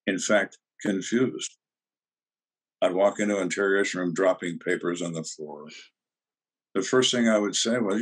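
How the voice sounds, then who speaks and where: A man's voice: low-pitched, normal speed. An older man, a retired homicide detective, telling stories in an interview with a dry, sardonic manner. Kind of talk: storytelling interview.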